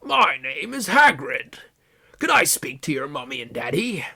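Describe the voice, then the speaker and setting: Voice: mid-range voice, very animated, unhurried, creaky, sharp tone, husky, heavily acted. A reader voicing a cheerful, preachy giant man in a sing-song, exaggerated way for a comedic fanfiction reading. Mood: friendly.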